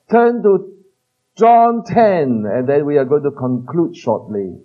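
A man preaching a sermon, earnest and emphatic, slowing down to quote scripture and trailing off softly at the ends of phrases. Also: a little high, expressive. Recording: tinny phone-like band-limited recording.

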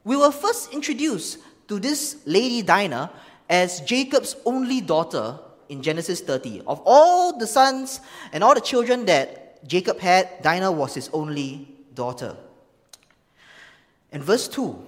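Preacher, sermon, lively pitch swings, long hall echo. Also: a little slow. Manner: expressive Bible reading and explaining. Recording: long reverb of a large hall.

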